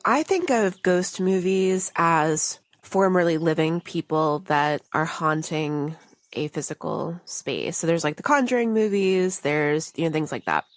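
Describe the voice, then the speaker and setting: A woman's voice: low voice, lively intonation, unhurried, no echo. A woman co-hosting a podcast, talking through ideas casually with lots of "like" and "um". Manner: thoughtful, many fillers like "like" and "um". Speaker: podcast co-host. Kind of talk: casual movie discussion.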